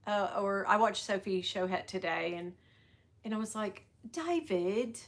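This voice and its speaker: On a sales floor, a middle-aged woman livestreams to sell bags, greeting viewers by name as she chats and rambles. Her voice is medium in pitch and a bit bright.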